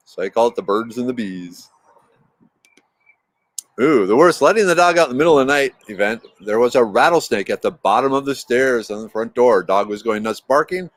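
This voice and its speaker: A man's voice: medium pitch, dry recording. A man hosting a livestream outdoors in his yard, chatting casually and rambling, with easy laughs. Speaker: livestream host reading chat. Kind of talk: casual chat and storytelling.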